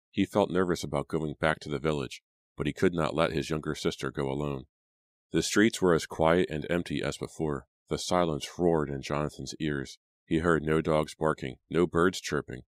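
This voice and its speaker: A man narrating a horror audiobook in a measured storytelling manner. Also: a bass voice, dry recording, clean studio sound. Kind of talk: scripted narration.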